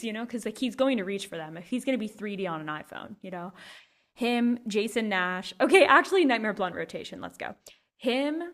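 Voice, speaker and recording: A woman's voice: mid-range voice, a bit bright. A woman hosting a podcast alone at home, chatting casually in a rambling, playful way. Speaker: podcast host. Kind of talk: casual solo chat.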